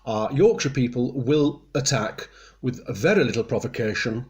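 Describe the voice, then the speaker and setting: A man giving a mock guide in a prim, genteel voice, dryly condescending and deadpan. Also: mid-range voice, moderate pace, lo-fi sound. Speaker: comedian presenting a mock guide. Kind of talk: deadpan mock instructional comedy.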